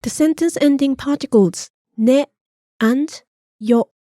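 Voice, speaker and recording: A woman's voice: sits high, slow, dark tone, dry recording, clean studio sound. A woman co-hosting a scripted language lesson, patiently explaining grammar and modeling pronunciation. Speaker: native-speaker co-host teaching Japanese.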